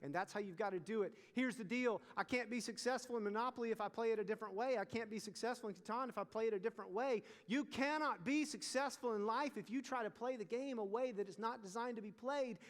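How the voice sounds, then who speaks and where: A young man preaching with a high, lively voice that rings through a big hall. He keeps throwing questions at his audience and pushes his points home. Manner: animated, asks the audience questions. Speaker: youth pastor. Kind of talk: sermon. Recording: long reverb of a large hall.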